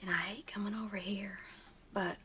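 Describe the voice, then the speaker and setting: An actress playing an anxious young wife who speaks in a hushed, hesitant way, in a film clip. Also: female voice, mid-range voice, fairly even intonation, moderate pace, natural voice. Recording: film clip with clicking noise.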